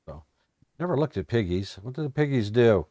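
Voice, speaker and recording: A man's voice: medium pitch, lively intonation, fairly quick, very noisy. An American man giving a casual, folksy live-stream recap of his trading day, joking and thinking aloud as he looks over charts. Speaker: trading educator.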